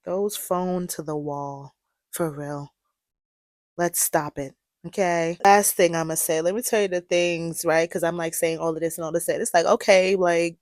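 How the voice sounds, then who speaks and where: A young woman hosting her podcast in a casual monologue, swinging from quiet musing to loud rants, full of slang and swearing. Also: fairly low pitch, moderate pace, dry recording, clean studio sound. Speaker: podcast host.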